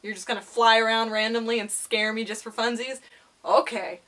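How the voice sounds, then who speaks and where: A young woman talking casually to camera, animated and giggly, often slipping into silly voices. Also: on the high side, moderate pace. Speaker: vlogger.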